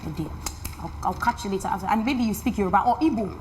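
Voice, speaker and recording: A woman from Nigeria, a guest in a casual panel chat, who tells lively stories and acts out quotes. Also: medium pitch, rapid-fire, slight background noise.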